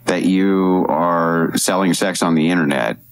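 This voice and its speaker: A man hosting a podcast, asking guests blunt, halting questions. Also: sits low, fairly even intonation. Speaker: podcast host.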